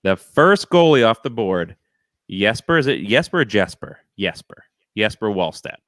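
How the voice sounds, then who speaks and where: A man co-hosting a podcast, chatting casually about hockey picks with relaxed joking asides. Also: fairly low pitch, normal speed, no room sound, clean studio sound. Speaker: podcast co-host. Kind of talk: casual hockey draft chat.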